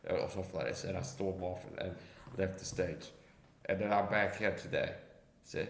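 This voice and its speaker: A man's voice: low voice, little pitch movement, moderate pace, a little hiss or hum. A man ranting casually as a livestream guest, tagging his lines with "okay?" and "see?", recorded with a roomy echo. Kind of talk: casual rant.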